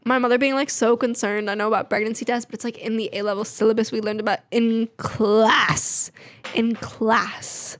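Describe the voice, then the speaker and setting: A woman's voice: fairly high pitch, steady tone, moderate pace, no room sound. A young woman vlogging in a chatty, rambling, self-mocking way. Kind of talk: casual vlog chat.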